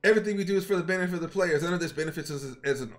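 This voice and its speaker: A man's voice: on the high side, rapid-fire. A man streaming live and telling his chat a story in a heated rant, profane, confrontational and worked up. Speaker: game streamer.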